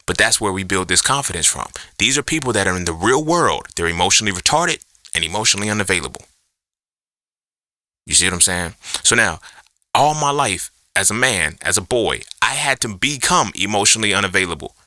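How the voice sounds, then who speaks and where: A man hosting his own podcast talks straight through an unscripted monologue. His voice sits low but has a hard, pressing edge. He swears freely and keeps firing rhetorical questions, and the sound is dry with almost no room around it. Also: big pitch swings, brisk, pushed and bright, dry recording. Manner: profane, emphatic ranting with rhetorical questions. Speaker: podcast host.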